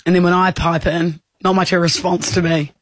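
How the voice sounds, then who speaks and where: A woman co-hosting a radio show, answering with wry, deadpan comebacks. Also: on the low side, normal speed, no room sound, studio quality. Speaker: radio co-host. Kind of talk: casual banter on breakfast radio.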